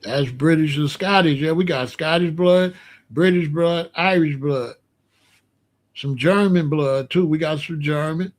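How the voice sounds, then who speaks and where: Middle-aged man, fairly high voice, blunt profane rant, dismissive and repetitive. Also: measured pace. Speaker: commentator reacting to comments. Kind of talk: casual ranting commentary.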